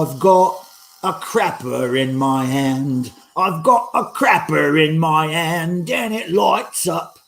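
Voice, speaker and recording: A man voicing a goofy male character who proudly sings a crude, silly little song, slowly and loudly. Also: fairly high pitch, creaky, exaggerated voice. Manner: sings a crude silly ditty, slow and loud.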